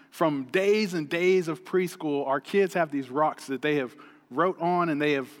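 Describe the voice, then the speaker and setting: A man in his thirties preaching a sermon, energetic and chatty, telling a family story with laughs. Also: on the high side, big-room sound. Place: church hall stage.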